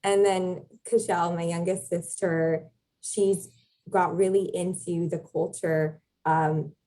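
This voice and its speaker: Lower-voiced young woman explaining things. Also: little pitch movement, slow, mellow, low-quality recording. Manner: explanatory, thoughtful, with frequent fillers. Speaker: podcast guest, Latin teacher. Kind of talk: casual conversational interview.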